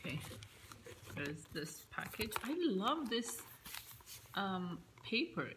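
Slow, gushing woman vlogger. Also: medium pitch, very animated, noisy background. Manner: gushing, often drops to a soft whisper. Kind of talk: unboxing chat to camera. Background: background music.

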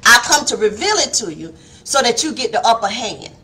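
Fiery high-voiced woman preacher. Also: big pitch swings, brisk. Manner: impassioned, preachy, calls listeners baby, rising to shouts; acts out soft and stern quoted voices. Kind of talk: fiery devotional sermon.

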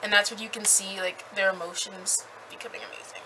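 A young woman recapping a book in a chatty, animated way with lots of fillers. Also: medium pitch, brisk, noisy background. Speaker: book reviewer.

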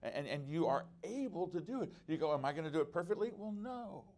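A man's voice: a little high, expressive, brisk, darkish tone. A middle-aged man teaching at a conference workshop, earnest and conversational, with frequent restarts and personal stories. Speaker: preacher.

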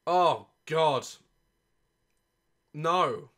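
A man hosting a comedic reaction video, loud and mocking, swearing often and laughing between rants. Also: high voice, very animated, moderate pace.

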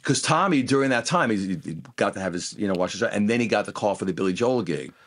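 A middle-aged man with a fairly low voice tells stories in a relaxed interview. He jumps into the voices of the people in his anecdotes and keeps the talk casual and animated. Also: fast. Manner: animated anecdotes, acts out quoted dialogue. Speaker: guest musician.

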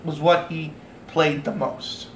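A man's voice: fairly high pitch, level tone, slow. A man ranting angrily to his viewers, swearing often and stumbling over restarts. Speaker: vlogger. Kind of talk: angry rant to camera. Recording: echoey room with faint noise.

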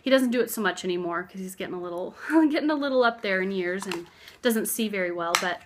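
A young woman chatting to her phone camera from her living room floor, warm-hearted and sometimes dropping to a hush. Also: mid-range voice, expressive, quick pace, background noise. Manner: chatty and heartfelt, drifting soft and hushed at times. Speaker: craft vlogger. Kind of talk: casual chat to camera. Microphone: phone camera on a stack of books.

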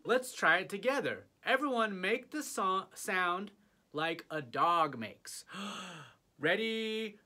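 Casting: male kids' music teacher, slow and playful, bright tone with a lively, swooping pitch. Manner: slow, playful, inviting kids to join in. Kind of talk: early childhood music lesson.

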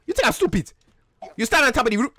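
A blustering, furious man with an African accent, put on by a male gamer hammers out the same demands over and over. His voice sits high and leaps wildly up and down. The words tumble out quickly. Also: very animated, noisy background. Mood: indignant. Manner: blustering, repeats demands, threatening. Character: angry man demanding his stolen guns back. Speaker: gaming YouTuber pranking a scammer. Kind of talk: prank voice chat in online game.

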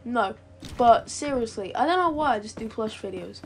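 A woman's voice: fairly high pitch, animated, normal speed. A woman giving casual, rambling gameplay commentary that often corrects itself. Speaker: gaming channel creator. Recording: noisy game audio with gunfire. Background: game gunfire and clicks.

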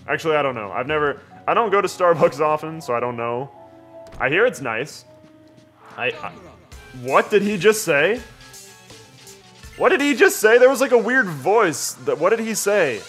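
A jokey let's play host rambling through casual gameplay commentary. His voice sits a bit higher than most men. Faint game music runs underneath. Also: a bit bright.

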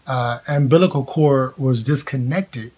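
A man in his thirties sharing a family story in a casual, heartfelt chat at home, halting with many fillers and restarts. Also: mid-range voice, a little mellow.

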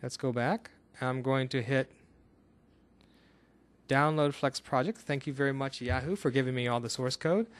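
A man of middle pitch talks through a screencast coding tutorial. He explains each step in a relaxed, casual way, like an instructor showing his own screen. He is from Northern Kentucky in the US. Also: normal speed, long pauses.

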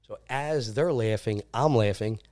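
Against a noisy background, a man with a fairly low voice speaks at an unhurried pace. As a podcast guest, he casually shares crude personal anecdotes with animation, laughing a lot and swearing often.

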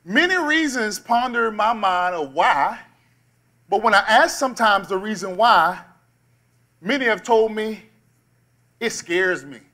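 A male pastor preaching a sermon, calling on the congregation to shout back and drawing out key words. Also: sits high, lively intonation. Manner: call-and-response preaching, slows and stresses key words.

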